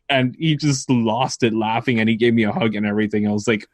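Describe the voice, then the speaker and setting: A man's voice: fairly low pitch, little pitch movement, quick pace, dry recording. Guy on a podcast rambling thru a story, laughs a lot, dead dry mic. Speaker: podcast co-host. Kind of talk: casual chat.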